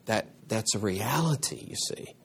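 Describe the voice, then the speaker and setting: A male pastor preaches an animated sermon at a measured pace, his voice slightly rough. He repeats words, restarts phrases, and suddenly rises into a high voice for emphasis.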